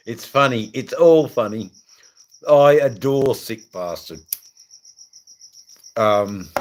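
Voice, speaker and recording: A man's voice: mid-range voice, slight background noise, rough recording. A middle-aged Australian man hosting a casual livestream, rambling and joking crudely to his viewers with many fillers. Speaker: livestream host. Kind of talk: casual livestream chat reading viewer comments.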